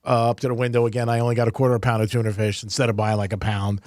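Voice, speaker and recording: A man's voice: medium pitch, monotone, rapid-fire, a little mellow, no echo. A man co-hosting a radio show in casual banter, chatty and often laughing, on a studio microphone. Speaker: radio co-host.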